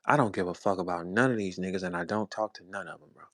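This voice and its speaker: Low-voiced yet a bit bright, he talks at a quick pace in a clean, echo-free studio recording. He is a St. Louis battle rap personality in his forties, hosting his own show and delivering a heated, profane, mocking monologue.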